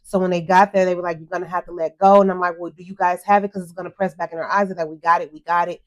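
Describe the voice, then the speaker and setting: A woman's voice: fairly low pitch, fairly even intonation, very fast. A middle-aged woman telling an emotional story of a crash as a podcast co-host, earnest and close to tears. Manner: earnest, tearful retelling, quotes herself.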